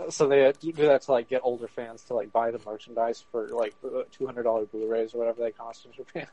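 A man's voice: medium pitch, fairly even intonation, fast talker, dark tone, highs cut off. A man co-hosting a podcast in casual chat, rambling with many fillers and laughing often. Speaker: podcast co-host.

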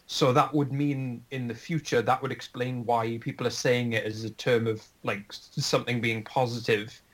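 A man's voice: mid-range voice, level tone, moderate pace, fairly bright tone, low-quality recording. A man co-hosting a casual film discussion podcast, hesitant and restarting his sentences. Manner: hesitant, restarts often, laughs. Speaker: podcast co-host.

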